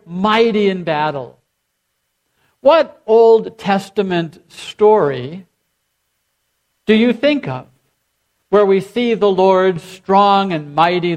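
A man preaching a sermon as pastor, leading his congregation in call and response. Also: high-pitched. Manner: leads the congregation in repeated chanted responses.

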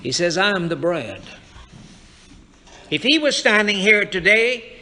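A man delivers a fervent sermon from the pulpit of a church, speaking straight to his congregation and weaving in scripture. His voice sits high for a man, with a bright, forceful edge. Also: big pitch swings, a little slow. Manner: fervent preaching, quoting scripture and addressing the congregation directly. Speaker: pastor. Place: church sanctuary.

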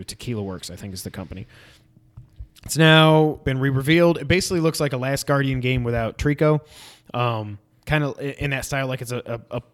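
A man in easy conversation who talks in quick bursts, trails off, and jumps from topic to topic. His voice sits in a middle register, and he keeps things light with offhand jokes. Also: medium pitch. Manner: quick, rambling, jokey asides. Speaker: podcast co-host. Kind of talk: casual chat about movies and games.

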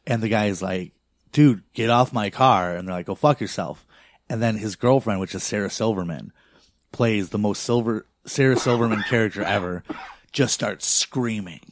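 Male, young adult, low-ish pitch, dry close mic; loose profane storyteller full of fillers. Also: moderate pace, dry recording. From not from a big city. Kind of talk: casual chat.

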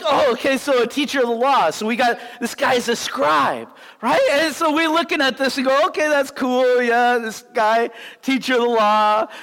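A man preaching a sermon as a pastor, telling stories in an animated way and acting out the scenes. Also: very high-pitched. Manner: animated storytelling, acts out scenes. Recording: long hall reverb.

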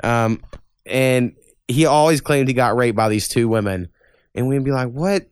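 A man's voice: medium pitch, normal speed, smooth, no echo, studio quality. A man hosting a podcast, telling long, profane stories in casual chat. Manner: profane, rambling storyteller. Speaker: podcast host.

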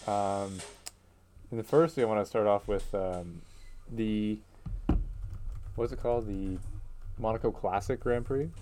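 A man's voice: lowish voice, a little slow, pauses often, background noise. A man co-hosting a casual chat show, talking in a laid-back, hesitant way with many fillers. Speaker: podcast co-host.

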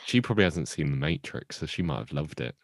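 Very deep-voiced joking man. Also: expressive, fast, no room sound. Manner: dry, joking, teasing. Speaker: podcast co-host. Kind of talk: casual chat reviewing a TV episode.

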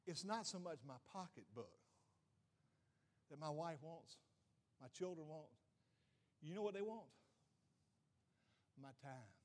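A man's voice: on the high side, expressive, takes it slowly, pauses often. A middle-aged male pastor preaching a sermon with emphasis, often saying "watch this" and putting questions to the congregation.

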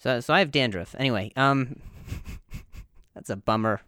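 A mid-range, bright and forceful male voice at normal speed belongs to a man in his twenties hosting a solo comedy podcast. He rambles, stammers and mocks himself, and the audio is clean studio sound with no echo.

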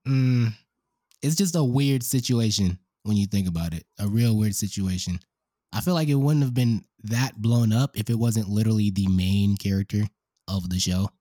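A man's voice: lowish voice, moderate pace, warm tone, dry recording, clean studio sound. A man co-hosting a podcast in casual chat, laid-back and slangy, often calling others "bro". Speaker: podcast co-host.

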